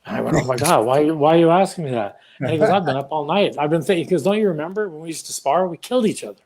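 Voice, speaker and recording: A man with a slightly high voice spins lively stories in casual conversation. He acts out what everyone said as he goes, one anecdote running into the next. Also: racing. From Canada. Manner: animated anecdotes, acts out quoted dialogue. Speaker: guest, retired boxer. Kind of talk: casual storytelling.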